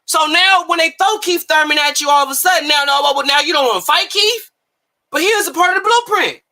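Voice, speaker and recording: Man, high voice, piercing edge; heated profane boxing rant with bursts of shouting. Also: lively intonation, quick pace. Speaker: boxing commentator. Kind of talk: ranting commentary.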